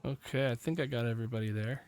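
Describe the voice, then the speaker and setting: A man running a tabletop fantasy game as game master, relaxed and quick to laugh, with plenty of fillers. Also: mid-range voice, a little hiss or hum.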